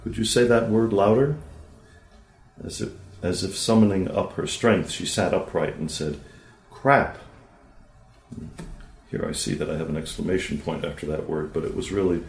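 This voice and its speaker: A man with a deep, low voice reads a therapy case study aloud, calm and measured, acting out the quoted lines of dialogue. His voice rings in an echoey room. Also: creaky.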